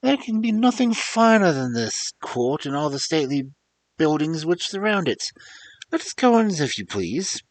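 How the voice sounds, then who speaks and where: A man's voice: on the high side, very animated, moderate pace, no echo, pitched above the performer's own voice. A man voicing a pompous, delighted old king who speaks in grand exclamations.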